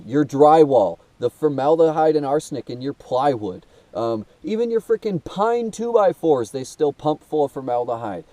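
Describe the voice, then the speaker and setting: A man's voice: fairly high pitch, warm tone, dry recording, recorded from a distance. A young man talking to camera in a rambling, emotional monologue, swearing and calling the listener dude, with a blocked nose. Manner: casual and swearing, calls listener dude, many restarts and fillers. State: blocked nose, trouble breathing. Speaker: self-made video host.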